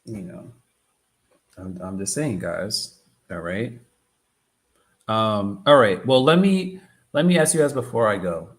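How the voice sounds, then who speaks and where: A man's voice: lowish voice, expressive, slow, pauses often, breathy edge. A man hosting a live trading stream, chatting loosely and often repeating himself. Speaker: trading livestream host. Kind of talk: casual live-stream chat.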